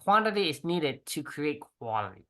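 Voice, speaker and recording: A man's voice: a little high, very animated, normal speed, a bit bright. A man co-hosting a podcast over a video call, explaining his points earnestly and restarting sentences often. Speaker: podcast co-host. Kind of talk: casual chat.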